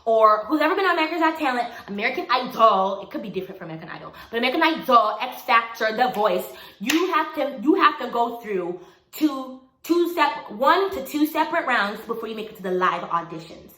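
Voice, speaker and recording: A young woman in her twenties casually telling a personal story to camera, animated and laughing often as she acts out what people said. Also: on the high side, brisk. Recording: echoey room with faint noise.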